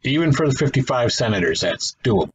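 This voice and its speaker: A man's voice: mid-range voice, very animated, fairly quick, a little hiss or hum, poor audio. A man giving casual play-by-play commentary on a simulated baseball game, thinking aloud, correcting himself and adding wry asides. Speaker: gaming channel host.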